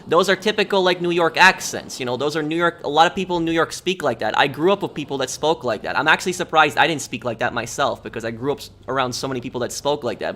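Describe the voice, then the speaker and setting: A man's voice: on the high side, bright, forceful tone, slight background noise. A man streaming a game, talking casually in a rambling rant full of fillers. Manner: rambling, filler-heavy ranting. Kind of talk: casual livestream chat.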